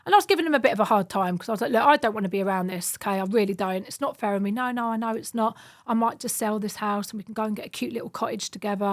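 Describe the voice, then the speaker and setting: A woman, a podcast guest telling a personal story in conversation and acting out the quoted dialogue as she goes. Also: medium pitch. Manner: fast, vivid retelling that acts out quoted dialogue.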